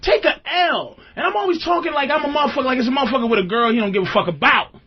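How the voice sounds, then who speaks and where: A man hosting a podcast, telling comedic stories in casual chat, animated and profane, acting out other people's voices in quotes. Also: very high voice, racing, slightly rough. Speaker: podcast host. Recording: slightly dull lo-fi sound.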